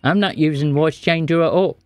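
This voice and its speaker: A man's voice: a little high, fairly quick. A man streaming a scam-bait phone call, feigning confusion and playing dumb with the caller. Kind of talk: prank call.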